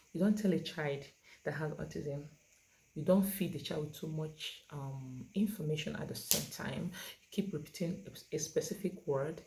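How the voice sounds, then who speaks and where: Low-voiced woman teaching with emphasis. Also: dark tone. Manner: emphatic, repeats key words with stress; halting, with many fillers. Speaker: autism communication educator. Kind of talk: instructional talk to parents.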